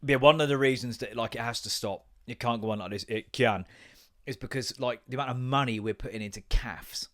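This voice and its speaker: Brief: thirties male podcast host, casual sweary storyteller, mid pitch. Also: a little fast, fairly bright tone. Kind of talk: casual comedic monologue.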